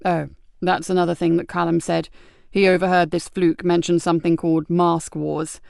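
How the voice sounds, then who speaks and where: A woman voicing a weary, steady male police sergeant who talks low and measured. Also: creaky, clear, resonant tone, no room sound, studio quality. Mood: calm.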